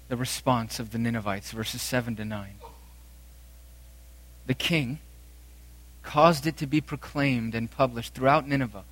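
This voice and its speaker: A man preaching a sermon, swinging between loud emphatic declarations and quiet, low phrases.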